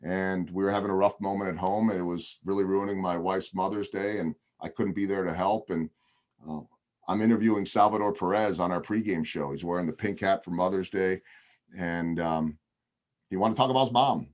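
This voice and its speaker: A man's voice: low voice, steady tone, brisk, a little mellow. A man, a television broadcaster, telling a long story on a video podcast over a video call, chatty with frequent ums and restarts.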